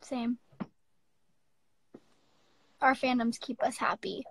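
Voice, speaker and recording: A young woman in her teens giving a halting, tearful apology on a phone live stream, full of fillers and restarts. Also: a little high, level tone, fairly bright tone, husky, no echo, rough recording. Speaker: livestreamer.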